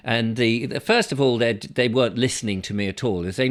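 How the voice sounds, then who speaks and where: Brisk and steady in tone, a man with a fairly low voice hosts his own vlog. He tells a story in a chatty, wandering to-camera monologue laced with wry asides.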